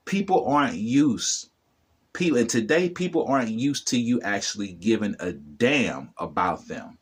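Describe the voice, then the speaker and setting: A man's voice: medium pitch, lively intonation, normal speed, fairly bright tone, breathy edge. A middle-aged man giving a motivational talk to the camera as a spiritual vlogger, preachy and repetitive, addressing the viewer directly.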